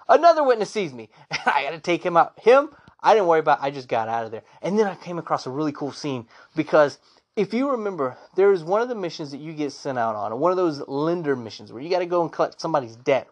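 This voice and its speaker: A man with a fairly high voice hosts a casual gaming show. He tells his playthrough stories with lively enthusiasm, and his voice jumps up when he gets excited. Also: a little fast, lo-fi sound. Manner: animated, enthusiastic storytelling. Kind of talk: casual solo gaming talk.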